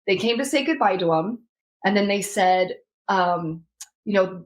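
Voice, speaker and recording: A woman's voice: mid-range voice, expressive, measured pace, low-quality recording. Earnest woman telling her story. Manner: earnest, many fillers and restarts, acts out quotes. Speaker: podcast guest. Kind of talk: emotional personal storytelling.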